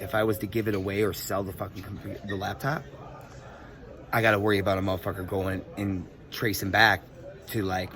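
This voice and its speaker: Profane, animated man ranting. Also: lowish voice. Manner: profane, animated, streetwise slang. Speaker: vlogger. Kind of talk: casual storytelling rant.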